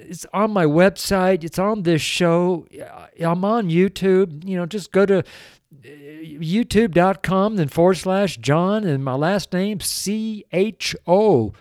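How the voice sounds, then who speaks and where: Slow, tearful older preacher man. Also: high-pitched, darkish tone, no room sound, studio quality. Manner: slow, earnest, pleading, with drawn-out emphasis. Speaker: street preacher. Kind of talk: emotional radio sermon.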